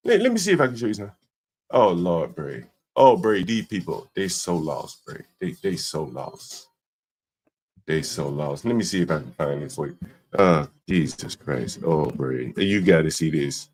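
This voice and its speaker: A man's voice: low-pitched, very animated, moderate pace, darkish tone. A man co-hosting a casual call-in livestream, laughing often and drawing out his exclamations. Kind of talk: casual live-stream chat.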